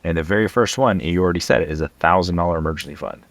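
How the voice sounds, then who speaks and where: Brief: deep-voiced male coach, earnest and emphatic, dry close sound. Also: racing, no room sound. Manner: earnest, emphatic, tag questions. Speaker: financial coach guest. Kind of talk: casual conversation.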